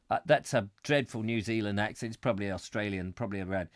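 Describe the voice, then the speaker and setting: A man's voice: fairly low pitch, fast, no echo, clean studio sound. A man hosting a live comic chat show, rambling and ranting with frequent giggles. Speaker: host.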